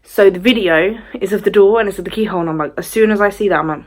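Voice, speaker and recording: A woman's voice: mid-range voice, rapid-fire. A young woman, telling a personal story to camera in a chatty way with lots of fillers. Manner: chatty retelling with many fillers. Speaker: vlogger. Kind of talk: casual storytime.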